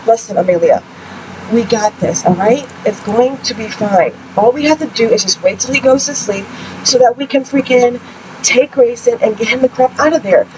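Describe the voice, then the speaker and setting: A woman's voice: a little high, moderate pace, background noise, lightly acted. A woman voicing a bold young woman who talks tough while rescuing a friend in a life-sim game. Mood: determined. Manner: blunt, tough-talking.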